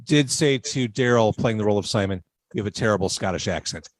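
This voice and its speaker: A man's voice: lowish voice, fast talker, dry recording. A man hosting a podcast interview in a casual, playful, teasing way. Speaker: podcast host.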